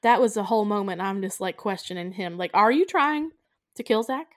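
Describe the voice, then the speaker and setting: A woman co-hosting a casual movie recap, animated and acting out characters' lines. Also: medium pitch, a little fast, no echo, clean studio sound. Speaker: podcast co-host.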